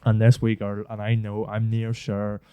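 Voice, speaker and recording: A man's voice: lowish voice, monotone, normal speed, clean tone, no room sound, narrow, tinny audio. A young man, telling a rambling school story on a podcast, swearing freely and acting out the people in it. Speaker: podcast co-host. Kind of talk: casual storytelling chat.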